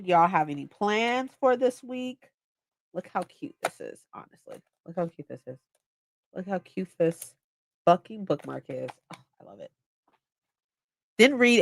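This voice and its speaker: A woman's voice: medium pitch, bright, forceful tone, no room sound. A woman in her twenties casually chatting on a livestream, playful and mock-dramatic as she reads her chat aloud. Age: 20s. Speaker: livestream host.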